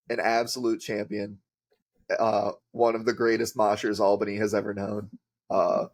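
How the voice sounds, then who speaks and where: A man's voice: lowish voice, vocal fry. A man, a podcast guest telling rambling casual stories with lots of filler words. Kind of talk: casual storytelling.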